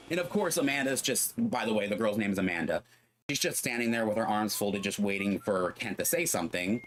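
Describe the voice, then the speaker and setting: A man's voice: on the low side, a bit bright, a little hiss or hum. Rambling man telling a story while gaming. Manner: rambling, full of fillers, acts out quoted voices. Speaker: streamer.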